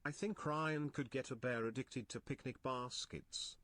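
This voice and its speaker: A man drops wry, joking asides into a casual stream chat. His voice is bright and forward. The recording is dry and close. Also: mid-range voice, measured pace, dry recording.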